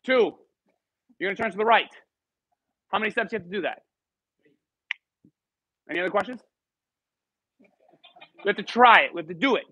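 A man's voice: high voice, animated, moderate pace, long pauses, sharp tone, slightly rough, no echo, low-quality recording. A man teaching a live salsa class, counting beats and calling cues in Spanish and English to the dancers. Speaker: salsa instructor.

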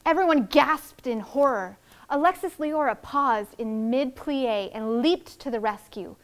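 Expressive woman teacher reading aloud. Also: high-pitched, measured pace. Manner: expressive, explaining to young children. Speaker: second-grade teacher.

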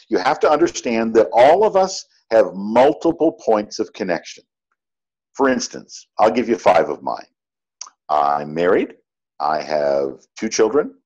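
Male sales trainer, lively low voice swinging wildly in pitch, muffled recording. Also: slightly rough. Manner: animated storyteller, acts out dialogue. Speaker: network marketing trainer. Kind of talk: motivational sales training talk.

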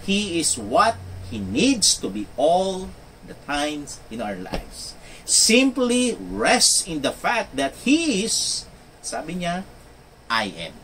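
A man's voice: high-pitched, a bit bright. A man with a Filipino accent preaching a sermon and switching between two languages, emphatic and rhythmic. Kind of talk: bilingual sermon. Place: church. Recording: church service from a distant mic, faint noise.

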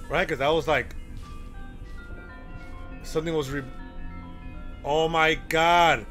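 A man hosting a horror game playthrough, reacting excitably and talking to himself as he plays. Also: on the high side. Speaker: gaming channel host.

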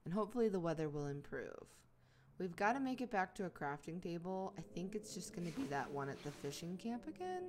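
A young woman hosting a let's-play, chatting through a survival game and getting loud and frantic when she gets stuck. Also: on the low side, very animated, brisk, slight background noise. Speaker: gaming channel host.

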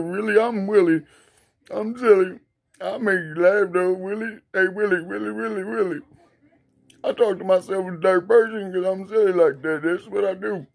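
A hyper, goofy man with a high, loud, excitable voice, as a man puts him on. He babbles and bounces between words, restless and silly, repeating his own name like a catchphrase. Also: gravelly.

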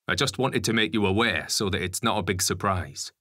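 A man voicing a calm, reassuring convoy driver who speaks in a steady, matter-of-fact way. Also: lowish voice, brisk, no room sound, studio quality.

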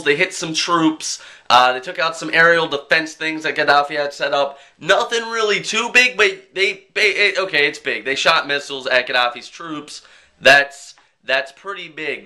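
A young man talking to his webcam in a casual vlog, joking and swearing as he rants and mimics people in quick bits. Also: a little high, bright, forceful tone. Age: young adult. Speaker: vlogger.

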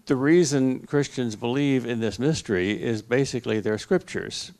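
Older American professor, methodical reasoning. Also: male voice, medium pitch, moderate pace, creaky, darkish tone. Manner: reasoned, step-by-step explaining with a dry joke. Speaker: philosophy professor in a dialogue. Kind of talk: lecturing answer at a public forum. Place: university lecture hall.

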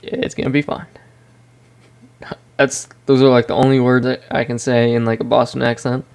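Male gaming host, mid-pitched, gravelly edge, loose chatty play-by-play commentary. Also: flat delivery, moderate pace, darkish tone. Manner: chatty, rambling, reacts to the match while talking. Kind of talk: casual gameplay commentary. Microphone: desk microphone.

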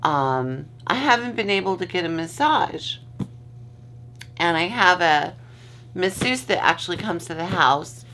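A woman hosts a casual chat from her bed at home, drifting from one thought to the next and swearing freely. Her voice sits a little low, with a gravelly fry and a bright, forward edge. She talks at an unhurried, drawn-out pace. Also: lively intonation. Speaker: vlogger host.

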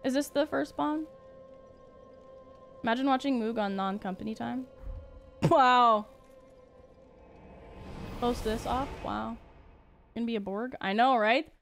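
A woman's voice: a little high, slow pace, gravelly, long pauses, faint music behind. A young woman from Canada streaming a video game, chatting playfully with her audience and laughing often. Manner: playful and giggly, reads chat aloud. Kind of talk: casual gaming livestream chat.

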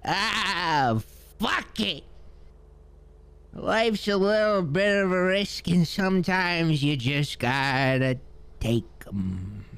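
Male streamer playing a crude old-timer, slow drawl, swooping pitch. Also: gravelly, a bit bright. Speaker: streamer roleplaying an elderly character. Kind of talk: in-character roleplay gaming stream.

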